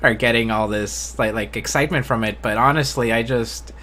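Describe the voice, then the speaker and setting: A man in casual live-stream talk, his voice bright and forward. He speaks in a flat, low-enthusiasm way, restarting his sentences with repeated words. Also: fairly quick, a little hiss or hum. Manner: self-described monotone, low enthusiasm. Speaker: host.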